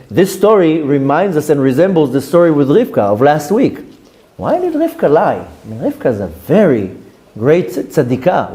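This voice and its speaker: A man, a rabbi giving a Torah class and telling stories with lively, acted-out quotes. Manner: lively storytelling, voices quoted speakers with big pitch jumps.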